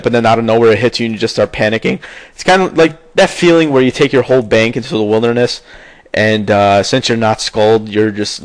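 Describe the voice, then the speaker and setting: A man's voice: on the low side, dry recording. Young man rambling about old games. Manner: rambling, heavy on fillers, swears often. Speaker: gaming video maker. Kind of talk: casual nostalgic gaming chat.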